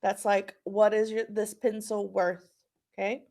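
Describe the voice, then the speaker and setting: A woman's voice: mid-range voice, flat delivery, unhurried, a little mellow. A woman teacher leading a patient, encouraging phonics lesson for young children.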